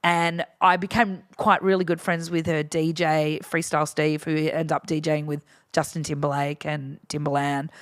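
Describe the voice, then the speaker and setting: A woman in her forties, a DJ, chatting casually on a podcast and telling animated stories full of swearing. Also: low-pitched, moderate pace, hardly any pauses, dry recording, clean studio sound. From Australia. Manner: animated storyteller, swears freely, acts out voices in anecdotes. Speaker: DJ guest.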